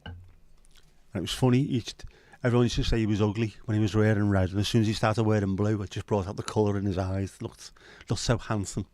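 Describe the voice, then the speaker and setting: A man's voice: lowish voice, steady tone, fast talker, a little mellow, no echo. A man hosting a casual livestream chat, chatty and sweary with self-deprecating humour. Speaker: livestream host.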